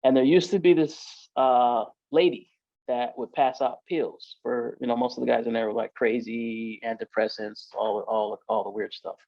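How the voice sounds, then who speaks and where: A man's voice: mid-range voice, fairly even intonation, normal speed, no echo, muffled recording. A man as an interview guest, telling his story in a casual, emphatic way and filling his talk with "like" and "yo". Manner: casual, emphatic, filler-heavy with frequent "like" and "yo". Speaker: podcast guest.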